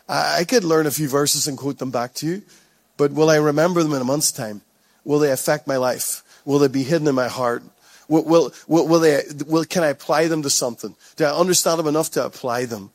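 An Irish man preaching to his church in a slightly higher voice, stacking phrase on phrase as he builds his point. He drops into light, joking asides between the heavier lines. The recording is close and dry, with no room sound around him. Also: fairly quick, dry recording. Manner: repetitive, building emphasis with playful asides. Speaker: pastor. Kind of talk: sermon.

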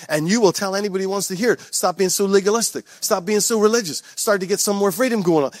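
A man's voice: fairly high pitch, dry recording, studio quality. A man preaching a sermon to his church with emphatic, repeated rallying calls. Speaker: pastor.

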